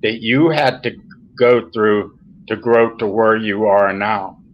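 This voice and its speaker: A middle-aged man speaks as a podcast guest, unhurried and earnest. He pauses and restarts as emotion creeps in. The audio is a touch muffled. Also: on the low side, fairly even intonation, a little hiss or hum. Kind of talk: heartfelt interview talk.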